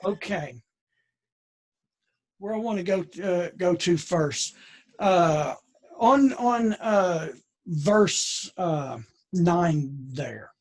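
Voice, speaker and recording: A man teaches scripture in a relaxed, conversational way. His voice is a touch high and husky. He wanders off on side remarks and restarts his sentences often. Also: extremely slow, pauses often. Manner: folksy and digressive, with many restarts. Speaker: Bible teacher. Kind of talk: conversational Bible lesson.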